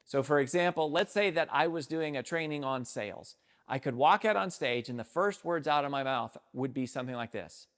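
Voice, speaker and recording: A middle-aged man, a speaking coach, giving an energetic, emphatic talk to camera on how to open a speech. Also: on the high side. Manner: energetic, emphatic, acts out sample openings.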